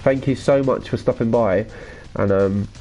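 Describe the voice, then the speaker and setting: A man, chatting casually as a live streamer, reacting excitedly and reading viewer comments aloud. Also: on the low side, unhurried, faint music behind. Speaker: gaming streamer.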